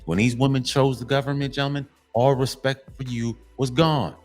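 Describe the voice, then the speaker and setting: A man's voice: medium pitch, fairly even intonation, moderate pace, darkish tone, faint music behind. A man hosting his own commentary channel, giving a blunt, profane monologue to men and repeating his points for emphasis. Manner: emphatic and repetitive, lecturing.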